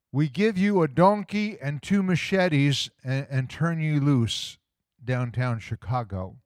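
Man preaching folksy, smooth resonant tone, dry close sound; asks the room questions. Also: fairly high pitch, no echo. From small-town Midwest US. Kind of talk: sermon.

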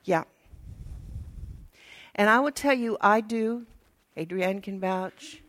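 Older woman, minister, unhurried folksy sermon. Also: mid-range voice, a bit bright. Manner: chatty, folksy, with asides to the congregation.

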